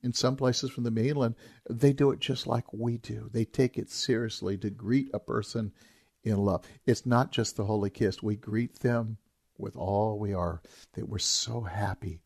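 A man's voice: fairly low pitch, steady tone, a little slow, vocal fry, a little mellow, husky. A man preaching a sermon as a pastor, talking in an earnest, emphatic way and repeating key phrases.

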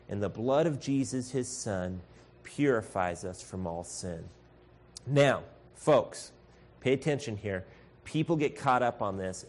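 Slow-preaching male pastor. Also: medium pitch. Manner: earnest, addresses congregation as folks, acts out shouted voices. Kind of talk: sermon.

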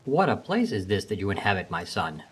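A man voicing a grieving elderly father who speaks with hushed sorrow in an audiobook reading. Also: fairly low pitch, sing-song, a little fast, slightly rough, pitched below the performer's own voice, heavily acted. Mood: mournful. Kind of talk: audiobook character voice.

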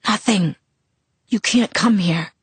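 A woman's voice: mid-range voice, slow pace, slightly rough, no echo. A woman voicing a sick teenage boy whispering. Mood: weak. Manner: weak broken whisper, abrupt. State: ill, hoarse.

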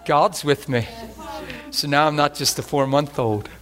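A man preaching a sermon, telling a personal testimony in an animated way, often laughing as he speaks. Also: a little high, unhurried, crowd noise. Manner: animated, laughing testimony with sudden shifts between hushed and excited. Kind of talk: sermon storytelling.

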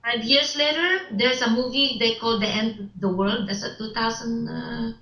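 A woman who is not a native English speaker, talking in a casual interview about her film work in halting English with many restarts, repeated words and frequent laughs. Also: fairly high pitch, fairly even intonation, creaky, sharp tone, reverberant, rough recording. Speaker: actress and filmmaker guest.

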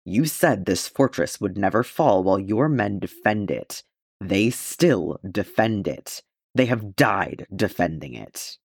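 A man's voice: on the low side, lively intonation, slow pace, creaky, husky, dry recording, studio quality, exaggerated voice. A man reading as a stern warrior leader.

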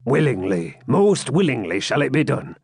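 A man's voice: mid-range voice, big pitch swings, normal speed, darkish tone, slightly rough, no echo, clean studio sound. A man voicing a proud swineherd who talks in a haughty, grudging way. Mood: eager. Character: proud surly male swineherd.

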